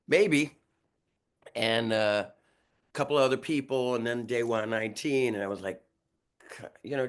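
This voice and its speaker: Rambling talk-show guest, man in his 60s, from New York, mid-pitched and chatty. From New York, USA. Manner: lively, rambling, chuckles often, restarts sentences. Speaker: guest musician. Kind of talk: casual storytelling interview.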